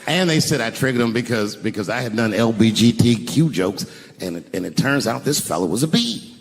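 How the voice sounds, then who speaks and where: A man performing live stand-up, telling a story in a drawling, profane, conversational way with sudden high outbursts. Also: animated, brisk, creaky. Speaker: stand-up comedian. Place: live comedy venue on stage. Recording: echoey hall with audience noise. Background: audience laughter.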